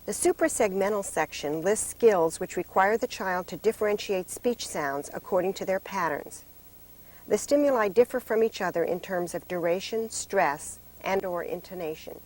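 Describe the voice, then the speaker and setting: A woman giving scripted narration for a training video in a measured, explanatory way. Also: mid-range voice, darkish tone, low-quality recording.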